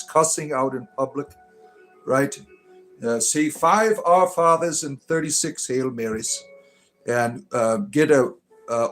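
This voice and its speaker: Man, middle-aged, livestream host, irreverent, joking, faint background music. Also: medium pitch. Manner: irreverent, joking, mock-preachy asides. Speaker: livestream host answering chat. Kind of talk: casual joking livestream chat.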